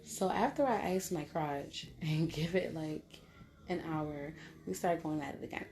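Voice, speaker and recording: Low, gravelly woman telling a blunt story. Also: measured pace, a little mellow, slight background noise. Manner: blunt, profane and graphic, talking straight to viewers. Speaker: storytime vlogger. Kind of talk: casual storytime monologue.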